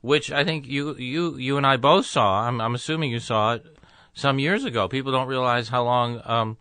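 A man talks in a bright, forceful tone, drawn out and deliberate, stopping often to search for the next word. The sound is close and dry, with no room around it. He is the guest in a relaxed interview conversation. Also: mid-range voice, clear, resonant tone, no room sound. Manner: slow, deliberate, halting with many pauses and fillers. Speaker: guest comedian. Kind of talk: casual interview chat.

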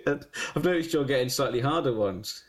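A man's voice: mid-range voice, lively intonation, normal speed. A man co-hosting a comedy podcast, teasing and pushy in casual banter, laughing often. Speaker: podcast co-host.

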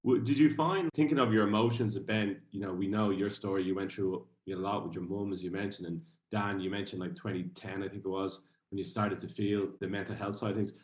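A man's voice: lowish voice, fairly even intonation, fairly quick, few pauses, reverberant. A man hosting a casual interview, chatty and asking long leading questions. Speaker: podcast host.

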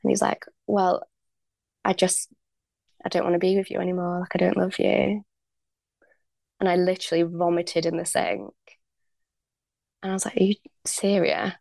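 Gravelly young woman telling a story. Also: lowish voice, level tone, moderate pace, pauses often, darkish tone, no room sound, studio quality. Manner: chatty, many likes and ums, acts out quoted dialogue. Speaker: podcast guest. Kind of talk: candid storytelling.

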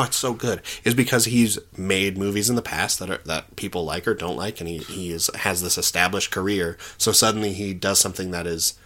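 Sarcastic, lower-voiced man chatting about films. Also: sharp tone. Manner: sarcastic, mocks snobbish voices. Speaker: podcast co-host. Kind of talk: casual film chat.

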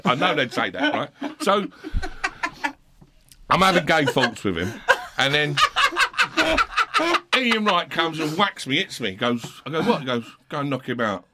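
A man in his fifties with a South London accent, telling rowdy stories with swearing and laughter, loud bursts when he acts out others. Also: medium pitch, very animated, moderate pace, pauses often, slight background noise. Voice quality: rough-edged, laughs through his stories. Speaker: guest, former footballer. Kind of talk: casual storytelling with swearing.

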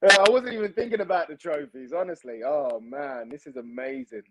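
Animated chatty man, slightly high voice. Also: a little fast, very noisy. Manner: animated, repeats himself, says "mate" and "bro". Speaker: podcast guest, actor. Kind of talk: casual chat.

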